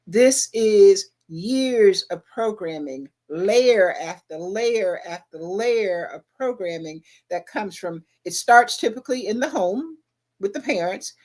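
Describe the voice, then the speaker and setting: A woman's voice: fairly low pitch, darkish tone. A middle-aged woman co-hosting a late-night talk stream, speaking emphatically about spirituality and asking rhetorical questions. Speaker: podcast co-host. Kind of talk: casual livestream talk.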